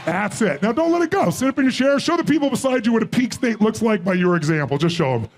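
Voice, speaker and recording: A man giving a live seminar address as a motivational speaker, firing rapid questions and commands at the audience. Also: sits high, sing-song, music in the background. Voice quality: gravelly, husky voice.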